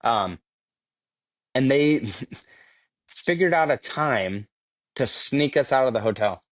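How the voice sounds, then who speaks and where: A man's voice: mid-range voice, animated, slow pace, no echo. A man guesting on a podcast, telling stories casually, swearing freely and laughing as he goes. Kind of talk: casual storytelling. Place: podcast studio.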